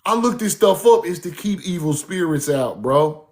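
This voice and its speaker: High-voiced man telling stories with animated emphasis. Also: moderate pace. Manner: animated, profane, repeats himself for emphasis. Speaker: speaker recounting his grandmother's teachings. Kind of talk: casual storytelling monologue.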